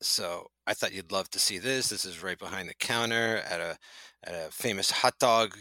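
A man co-hosting a podcast in casual chat, animated and playful, laughing often as he banters. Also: low-pitched, normal speed, no room sound. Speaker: podcast co-host.

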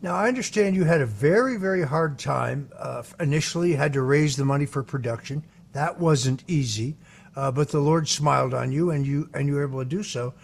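A man hosting a radio talk show, putting questions to a guest in a deliberate way. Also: fairly high pitch, gravelly. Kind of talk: radio interview.

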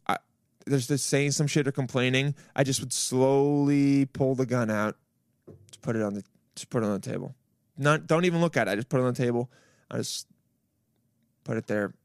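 A young man giving a crude, animated comedic rant at home, acting out other people's voices. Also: medium pitch, no echo, clean studio sound. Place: home, roommate in next room.

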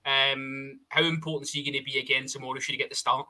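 A podcast host with a very bright, sharp voice moves quickly between his guests and callers. He keeps the conversation going at a brisk pace. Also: mid-range voice, little pitch movement. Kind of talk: football podcast hosting.

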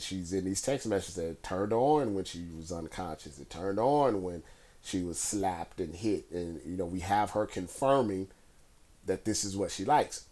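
A man's voice: sits low, animated, measured pace, darkish tone. A man giving casual solo commentary, rambling and conversational with frequent fillers and restarts.

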